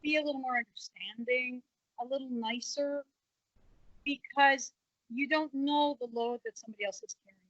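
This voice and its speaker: A woman in her sixties, a guest in a casual interview, who tells stories with animated delivery and acts out the voices of the people in them. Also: sits high, moderate pace, no echo, dull audio. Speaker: guest, former wrestler and actress.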